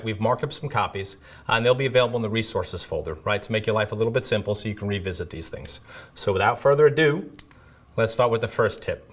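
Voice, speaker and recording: Brief: low-voiced male trainer, casual self-deprecating video presenter, keeps saying "right?". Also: fairly bright tone. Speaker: security awareness trainer.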